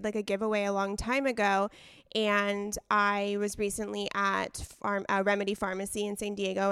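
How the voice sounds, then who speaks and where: A woman's voice: medium pitch, pushed and bright, clean tone, no room sound, studio quality. A young woman co-hosting a casual podcast, chatty and self-deprecating, with lots of fillers and restarts. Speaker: podcast co-host.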